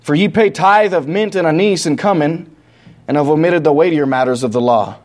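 A man preaching a sermon from scripture, talking through it in a loose, conversational way with restarts, then building to loud, impassioned passages. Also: on the high side, fairly quick. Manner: conversational asides with many restarts.

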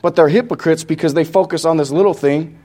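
A man preaching a sermon from scripture, talking through it in a loose, conversational way with restarts, then building to loud, impassioned passages. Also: a little high, fast. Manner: conversational asides with many restarts.

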